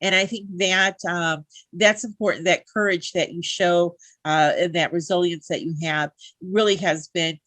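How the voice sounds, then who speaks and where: A woman's voice: fairly low pitch, fairly even intonation, moderate pace, few pauses, a bit bright, no echo. A woman hosting a live interview show, heartfelt and chatty, with many fillers. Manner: heartfelt, lots of fillers and restarts. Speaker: talk show host.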